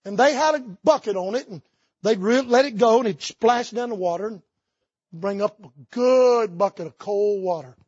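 A man preaches from the pulpit, spinning folksy stories. His voice sits high and a bit husky. The sound is dry and dull, with a muffled, lo-fi edge. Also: moderate pace, a little mellow, dry recording. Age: 50s. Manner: folksy storytelling with Southern idioms. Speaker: pastor. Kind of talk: sermon. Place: church sanctuary.

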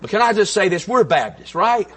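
Fervent country preacher from North Carolina. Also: male voice, sing-song, a little fast. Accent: Southern US, North Carolina. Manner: fervent, builds to shouts, drops to soft intimate lows. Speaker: pastor. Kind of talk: sermon. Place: church sanctuary.

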